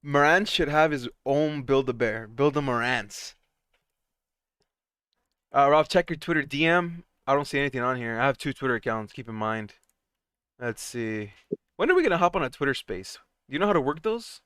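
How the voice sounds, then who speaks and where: A man's voice: mid-range voice, expressive, moderate pace, fairly bright tone, clean tone, no echo, clean studio sound. A man co-hosting a livestream, bantering in joking, easygoing chat. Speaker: livestream co-host. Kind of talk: casual chat.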